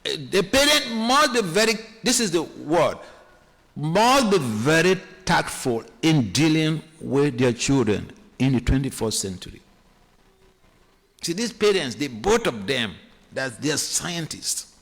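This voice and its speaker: A man giving a sermon-style class in a temple hall, animated and acting out quoted voices, halting often with restarts. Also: a little high, vocal fry. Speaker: speaker giving a scripture class.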